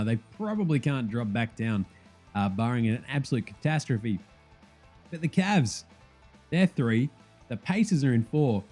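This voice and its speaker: Aussie guy ranting about basketball, pitch all over the place, soft music behind. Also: breathy edge. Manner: animated, profane, fast rambling. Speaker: podcast host. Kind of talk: casual sports chat.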